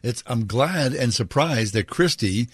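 Husky-voiced male radio host. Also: medium pitch, lively intonation, unhurried, no room sound, clean studio sound. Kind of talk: casual chat.

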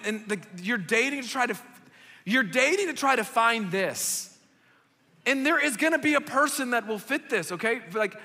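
A young man preaching a casual sermon to young adults, talking fast and chatty with lots of filler words. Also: very high-pitched. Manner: animated, conversational, quick asides with filler likes. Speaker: pastor. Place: church hall. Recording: reverberant church hall.

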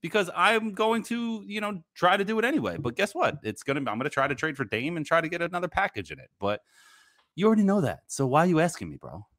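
A man's voice: a little high, big pitch swings, quick pace, fairly bright tone, no echo, clean studio sound, pitched above the performer's own voice. A man playing a defensive, evasive male basketball team executive on a remote call. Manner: evasive, needling, rising to an indignant tone.

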